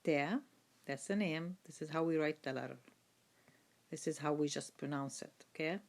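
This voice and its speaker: A woman teaching Quran reading in a slow lesson, patiently sounding out each letter with its vowels and repeating it. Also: low-pitched.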